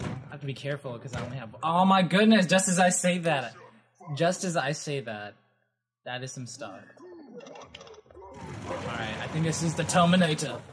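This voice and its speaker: A man giving casual, rambling commentary over his gameplay, with frequent excited exclamations. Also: medium pitch, very noisy. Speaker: gaming channel host.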